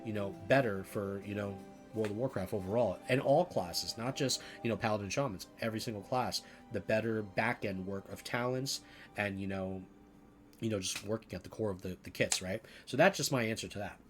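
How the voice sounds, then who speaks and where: A man with a fairly low voice talks casually to his viewers in long, looping sentences. He leans hard on "you know" and often restarts mid-thought. Soft music plays faintly underneath. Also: a little fast. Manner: rambling, heavy use of "you know", restarts. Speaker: gaming video creator. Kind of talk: casual commentary to camera.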